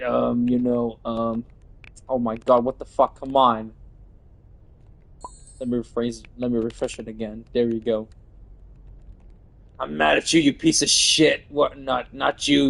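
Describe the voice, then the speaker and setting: Male gamer streaming live, fried gravelly tone with a husky edge, swears freely. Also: medium pitch, level tone, unhurried, pauses often, fairly bright tone, low-quality recording. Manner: irritable, swears a lot while playing. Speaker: game streamer. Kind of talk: casual live gameplay commentary.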